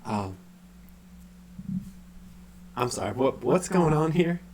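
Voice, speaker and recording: A man's voice: on the high side, lively intonation, slow, darkish tone, slight background noise, pitched above the performer's own voice. A man voicing a polite, puzzled female shopkeeper in a tabletop game, hesitant and stammering. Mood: wary. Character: puzzled middle-aged female town shopkeeper, later cold killer.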